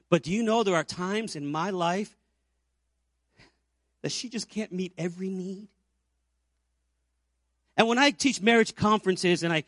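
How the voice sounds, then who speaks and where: This Easter sermon comes from a man in his fifties serving as pastor, whose delivery swells to emphatic highs and falls back to hushed lows. There's no room sound, just clean studio audio.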